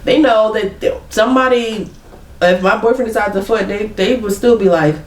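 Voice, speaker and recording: A woman co-hosting a podcast in casual chat, animated, laughing and swearing freely. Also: medium pitch, normal speed. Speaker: podcast co-host. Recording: echoey room, distant mic.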